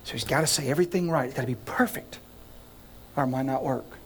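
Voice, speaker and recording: A man preaching a sermon as pastor, telling a story in an animated way, acting out scenes and speaking straight to his listeners. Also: mid-range voice, fast, slight background noise.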